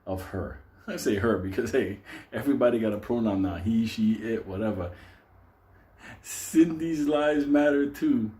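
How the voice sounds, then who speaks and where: Mellow-voiced man telling a profane story. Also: lowish voice. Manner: animated, swears constantly, laughs through his story. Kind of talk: casual profane anecdote telling.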